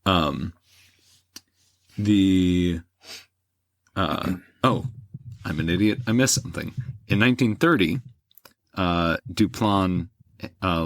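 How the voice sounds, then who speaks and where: Low-voiced man rambling through history. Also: dry recording. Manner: rambling, many fillers and restarts. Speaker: podcast host explaining history. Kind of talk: casual history podcast chat.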